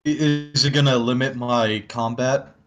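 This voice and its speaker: A man's voice: mid-range voice, fairly even intonation, normal speed. A man playing a tabletop game from home, talking casually and eagerly, thinking aloud with many fillers. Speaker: player.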